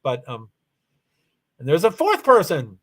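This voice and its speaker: Kentucky guy w a faint southern accent rambling on his livestream, kinda high voice, keeps restarting sentences. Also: huge pitch swings, measured pace, pushed and bright. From Louisville, Kentucky, USA. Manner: rambling, hesitant, many restarts and asides. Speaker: livestream host. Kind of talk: casual solo livestream chat.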